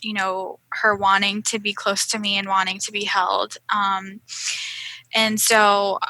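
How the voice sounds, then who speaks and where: A young adult woman telling her birth story as a podcast guest, earnest, with lively quoted voices and many fillers. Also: medium pitch, measured pace, no echo, low-quality recording. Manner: earnest, animated when quoting others, many fillers.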